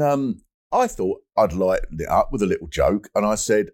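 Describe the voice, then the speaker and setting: Low, lively male host. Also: moderate pace. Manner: anecdotal, self-mocking, playful. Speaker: podcast host. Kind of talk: conversational podcast interview.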